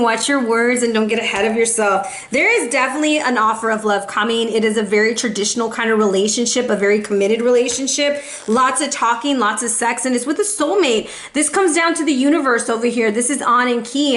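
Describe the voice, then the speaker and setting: A woman's voice: a little high, a bit bright. A woman giving a casual, playful tarot reading to camera, a little out of breath. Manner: chatty, playful, sassy asides. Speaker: tarot reader.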